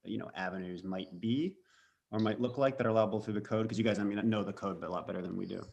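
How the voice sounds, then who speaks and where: Man, applicant at a board meeting, low, polite, halting. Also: gravelly, darkish tone. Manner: hesitant, polite, searching for words. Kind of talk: public meeting discussion.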